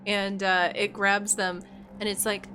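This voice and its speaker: A woman's voice: medium pitch, flat delivery, a little slow, pushed and bright, soft background music. A woman narrating a tabletop game as dungeon master, giggly and loose, with plenty of fillers.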